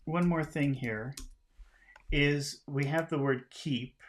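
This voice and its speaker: A man giving a casual English lesson, explaining phrases in a relaxed way and often chuckling. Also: fairly high pitch, slow. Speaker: English teacher.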